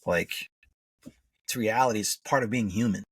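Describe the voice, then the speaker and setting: Earnest low-voiced man telling stories. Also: normal speed, slightly rough, no room sound, distant mic. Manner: earnest storytelling, often says "man". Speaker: transformation coach, guest. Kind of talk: conversational podcast interview.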